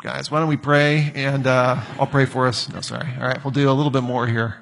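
A man preaching a sermon, reading scripture and breaking into joking asides. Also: on the high side. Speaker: pastor.

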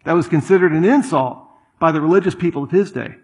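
A middle-aged male pastor preaching a sermon in a conversational way, with quick asides and repeated words. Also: fairly high pitch.

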